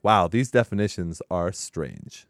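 A man co-hosting a podcast, recapping a film in casual chat, animated, laughing often and swearing freely. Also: sits low, unhurried, no echo, clean studio sound. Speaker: podcast co-host.

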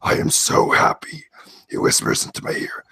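A man voicing a sinister cartoon villain in a deep, gravelly rasp, doing a comedic dramatic reading in a slow, menacing drawl. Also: bright, forceful tone, close to an everyday voice.

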